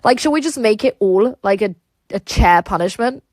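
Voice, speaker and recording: A woman's voice: mid-range voice, animated, normal speed, darkish tone, no echo. A woman hosting a casual livestream, reading chat aloud and rambling with lots of "like" and "um" fillers.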